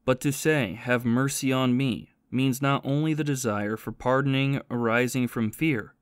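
A man reading the part of a learned male scholar in an audiobook, earnest and measured as he teaches about prayer. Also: mid-range voice, steady tone, clean tone, no room sound, clean studio sound, lightly acted. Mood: earnest, instructive. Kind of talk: audiobook reading of a spiritual classic.

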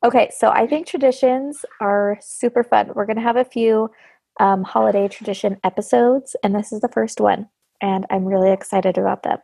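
Chatty podcast lady in her 30s, bit of vocal fry, husky, dry close sound. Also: mid-range voice, fairly even intonation, moderate pace, warm tone, no echo. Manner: bubbly, laughs often, says "like" a lot. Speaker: podcast host. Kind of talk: casual chat.

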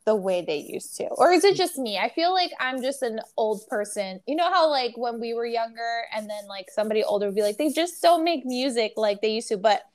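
Podcast cohost woman, kinda high pitched, asks lots of eager questions. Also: lively intonation, fairly quick, few pauses. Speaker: podcast co-host. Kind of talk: casual chat.

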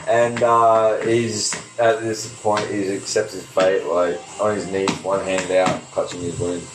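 A man narrating as game master of a tabletop game, halting and full of fillers. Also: low-pitched, level tone. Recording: echoey room, faint background noise.

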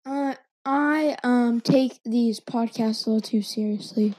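A woman's voice: a little high, measured pace, dark tone. A woman co-hosting a chaotic casual podcast at home on a handheld microphone, playful and mock-serious. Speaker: podcast co-host. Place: home room. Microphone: handheld microphone passed around.

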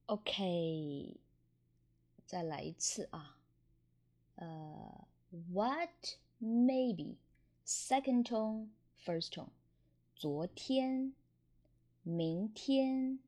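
A woman with a Mandarin Chinese accent, teaching tones slowly and patiently, repeating each word in drills. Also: mid-range voice, expressive, dark tone. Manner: slow and deliberate, repeating words in drills. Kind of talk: slow, patient pronunciation lesson.

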